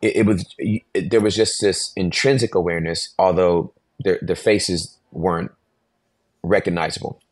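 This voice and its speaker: A man's voice: low-pitched, normal speed, dry recording. A man in his forties, a pastor and podcast guest, telling a story animatedly and acting out voices. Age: 40s. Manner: animated storyteller, acts out voices, laughs often.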